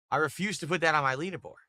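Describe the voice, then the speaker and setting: A man's voice: on the high side, bright, forceful tone, no echo. A middle-aged man hosting a livestream, chatting casually and reading out his viewers' messages and tips. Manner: rambling, talks to chat and reads out tips. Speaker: livestream host.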